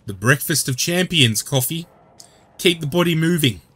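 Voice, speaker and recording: A man's voice: on the high side, lively intonation, moderate pace, fairly bright tone, breathy edge. A man giving casual gameplay commentary, chatty and joking, who swears freely as he plays.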